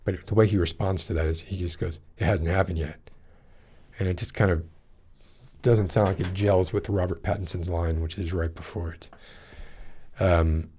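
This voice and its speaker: A man's voice: sits low, fairly even intonation, normal speed, warm tone, breathy edge. A man hosting a podcast, chatting casually and rambling, with many restarts and fillers as he reads live chat comments aloud. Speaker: podcast host.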